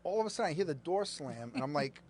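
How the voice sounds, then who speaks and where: A man recounting a story in a casual chat, wry and halting. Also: a little high, lively intonation, darkish tone. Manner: wry, halting, restarts mid-sentence.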